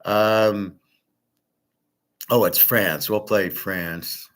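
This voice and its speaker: Man, lowish voice, blunt, ranting, casual commentary host. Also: steady tone, drawn-out words, fairly bright tone. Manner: blunt, ranting, swears freely.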